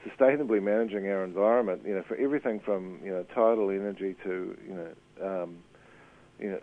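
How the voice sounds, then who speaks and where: A man's voice: low voice, fairly quick. A man chatting casually on radio as a media commentator, hesitant with many fillers and restarts. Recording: tinny phone line.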